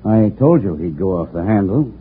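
A man playing a blunt, grim male crook in a 1940s radio drama, curt, with a raspy voice. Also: lowish voice, very animated, moderate pace, a little hiss or hum. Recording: tinny old radio broadcast.

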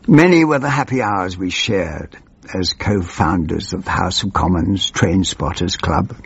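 A rambling, gravelly old MP. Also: male voice, lowish voice, no room sound, muffled recording, heavily acted. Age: older. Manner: rambling, muddled, pompous reminiscing. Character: doddering ancient male MP, rambling and forgetful. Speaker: comic character monologue. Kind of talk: scripted comic monologue.

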